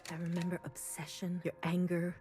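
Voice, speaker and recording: A woman plays a haunted figure who looks back on obsession in a low, quiet voice. She speaks softly and inward, often close to a whisper. Loud game music plays behind her. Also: monotone, a little fast, lightly acted. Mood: brooding. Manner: quiet, introspective, half-whispered. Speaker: game character. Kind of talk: video game voice acting.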